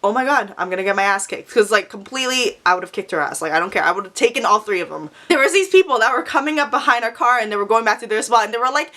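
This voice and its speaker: Woman, vlogger, storytime, sassy and foul-mouthed, fairly high voice, bright tone. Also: expressive, rapid-fire, hardly any pauses. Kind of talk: storytime vlog.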